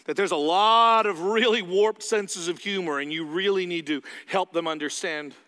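A man's voice: high-pitched, brisk, hardly any pauses, sharp tone. A male pastor preaching a sermon in a church, in a conversational style that acts out his listeners' replies. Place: church sanctuary. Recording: long reverb from a large hall.

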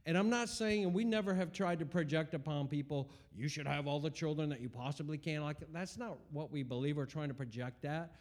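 A man's voice: fairly high pitch, brisk, hardly any pauses, darkish tone. Earnest rambling man giving testimony. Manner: earnest, rambling storytelling with many fillers and restarts. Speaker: speaker giving a personal testimony. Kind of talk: personal testimony talk.

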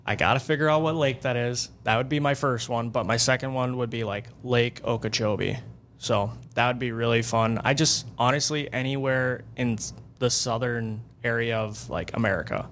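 A man being interviewed as a guest angler. He tells fishing stories in an excitable, animated way. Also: medium pitch, normal speed, slight background noise. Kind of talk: casual storytelling interview.

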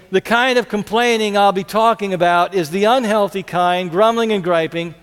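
A high-voiced man preaches a sermon as pastor, earnest and fond of repeating his key lines. He sometimes drops to a soft, pleading tone. His voice rings with the long reverb of a large hall. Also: normal speed, hardly any pauses, clean tone.

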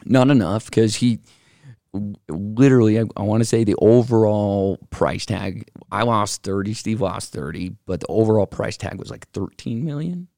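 A middle-aged man casually telling a story from his office, animated, acting out the voices of the people in it, with lots of fillers. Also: on the low side, normal speed, gravelly, no echo, studio quality. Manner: animated, acts out quoted voices, many fillers.

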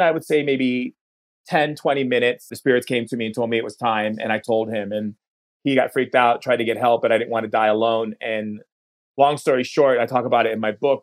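Guy on a podcast telling his story, earnest, takes his time, mid-pitched voice. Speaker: podcast guest. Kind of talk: personal storytelling.

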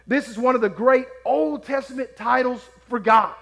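A man preaching a sermon, emphatic on key words and dropping to quiet asides. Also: extremely high pitch, normal speed, creaky. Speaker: pastor.

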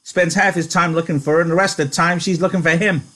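A man doing a higher-pitched, gossipy ranch hand. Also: steady tone, fast talker, fairly bright tone. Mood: sarcastic.

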